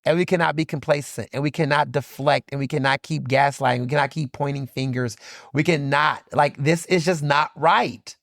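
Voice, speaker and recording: A man's voice: a little high, fairly even intonation, moderate pace, a bit bright, dry recording, clean studio sound. A man hosting his own podcast, giving fired-up commentary with emphatic repetition, swearing and many "like" fillers. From Philadelphia. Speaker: podcast host. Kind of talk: impassioned solo commentary.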